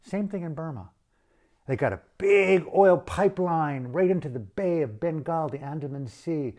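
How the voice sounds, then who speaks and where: A man's voice: on the high side, normal speed, darkish tone. Man in a profane, outraged rant. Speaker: activist speaking to camera. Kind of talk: impassioned political rant.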